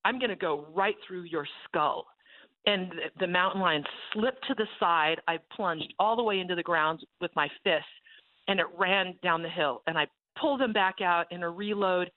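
A woman's voice: on the low side, moderate pace, no room sound. A woman guest telling a vivid, emphatic personal story over a tinny phone line.

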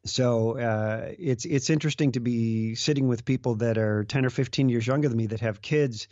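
A middle-aged man in casual conversation as a guest, talking in halting bursts with many restarts and fillers. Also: mid-range voice, a little mellow, no room sound. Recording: dull lo-fi dry sound.

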